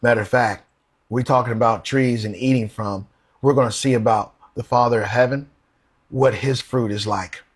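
A man's voice: medium pitch, fairly even intonation, normal speed, husky. A man preaching a sermon. He reads Bible verses aloud and asks his listeners questions. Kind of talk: sermon with scripture reading.

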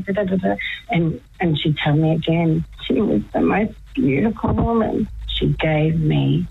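Husky low-voiced woman on muffled radio. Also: moderate pace. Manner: enthusiastic storyteller, laughs often. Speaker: radio guest. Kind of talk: casual chat on radio.

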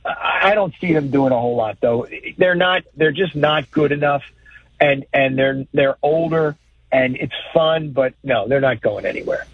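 A man's voice: medium pitch, moderate pace, breathy edge, no echo. Blunt man on a tinny phone line. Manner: blunt, animated, mocking impressions. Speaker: guest commentator. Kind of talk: sports talk.

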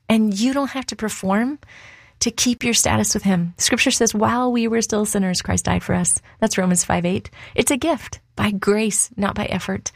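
Woman, gravelly voice, encouraging devotional, dry close sound. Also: fairly high pitch, no echo. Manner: warm, encouraging, direct address. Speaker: radio devotional host. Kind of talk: scripted devotional.

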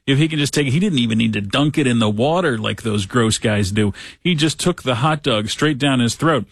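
A man hosting a talk show, reading a news story aloud with sarcastic asides and lively quoting. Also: medium pitch, brisk, vocal fry, husky, no room sound. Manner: sarcastic, animated when quoting others. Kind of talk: casual commentary reading news.

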